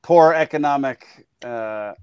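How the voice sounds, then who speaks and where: Laughing casual podcast host, dry sound. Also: male voice, mid-range voice, takes it slowly, a little mellow, clear, resonant tone, no room sound, highs cut off. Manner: laughs often, trails off with ums. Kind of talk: casual late-night chat. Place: his home, alone with dogs.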